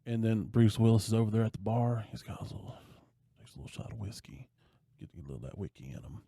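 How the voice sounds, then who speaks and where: A man's voice: fairly low pitch, quick pace, dry recording, clean studio sound. A man co-hosting a podcast, telling a movie plot in casual chat and acting out the characters' lines as he goes. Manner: animated storyteller, acting out quoted lines. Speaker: podcast co-host.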